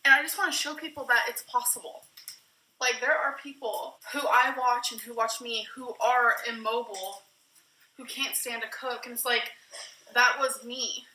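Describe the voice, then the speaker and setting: A woman vlogging casually while she cooks, out of breath. Her voice is fairly high and bright and carries a roomy echo. She talks frankly and pokes fun at herself, with a soft hiss of noise behind her. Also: steady tone, moderate pace. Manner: candid, self-mocking, laughs often. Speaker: vlogger in a played clip. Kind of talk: casual vlog while cooking.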